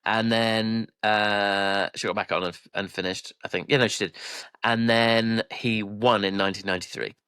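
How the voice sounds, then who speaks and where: A man's voice: on the low side, steady tone, moderate pace, pushed and bright, clear, resonant tone, dry recording, clean studio sound. Hesitant man in his forties. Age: 40s. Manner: hesitant, restarts often. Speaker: podcast co-host. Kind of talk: casual chat.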